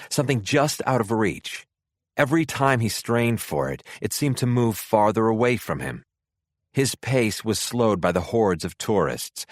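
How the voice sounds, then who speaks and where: A man narrates a thriller audiobook in a low voice with wide, lively pitch. The sound is close and dry, with no room around it. He keeps a steady storytelling pace. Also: dry recording.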